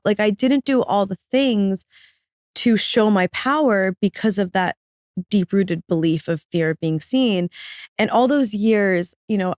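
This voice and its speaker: A woman's voice: mid-range voice, a little mellow, no room sound. A woman talks openly and reflectively in an interview, her voice tearful and emotional. Her voice sits in a middle range. The sound is dry and close, with no room around it. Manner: earnest, reflective, confessional. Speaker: podcast guest, author. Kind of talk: candid personal interview.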